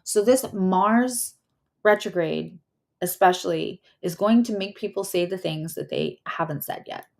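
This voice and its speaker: A woman's voice: mid-range voice, measured pace, a little mellow. A woman giving a casual astrology and tarot reading, chatty and rambling, often correcting herself mid-sentence.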